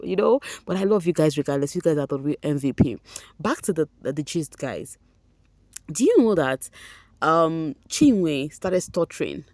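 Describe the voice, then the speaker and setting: A woman with a Nigerian accent, running an animated, chatty gossip commentary with a tired voice and bits of pidgin. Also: on the low side, normal speed, dry recording. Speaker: vlogger. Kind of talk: reality show gossip commentary.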